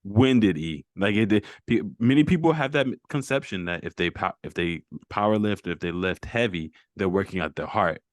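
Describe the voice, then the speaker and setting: A man's voice: on the low side, lively intonation, normal speed, few pauses, dry recording, clean studio sound. A man hosting a casual fitness check-in over a video call, encouraging and affirming his guest often. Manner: encouraging, lots of "mm-hmm" affirmations. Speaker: fitness coach and host.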